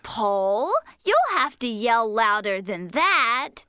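A woman's voice: fairly high pitch, big pitch swings, slow pace, bright, forceful tone, clean tone, no echo, clean studio sound, exaggerated voice. A woman voicing a patient, playful cartoon critter who tells a bedtime story in a sing-song, coaxing manner. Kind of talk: children's cartoon voice acting.

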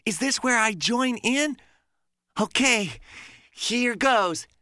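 A woman voicing a stubborn, sleepy little boy creature in a children's cartoon, mumbling slowly through a bedtime story. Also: on the high side, expressive, pushed and bright, no room sound, studio quality, exaggerated voice. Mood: eager. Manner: slow, drawn-out, sleepy mumbling.

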